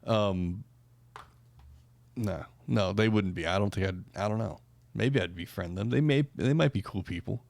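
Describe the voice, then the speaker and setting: A man's voice: on the low side, moderate pace, gravelly, darkish tone, no echo. A man hosting a podcast in casual chat, rambling with lots of fillers and restarts. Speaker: podcast host.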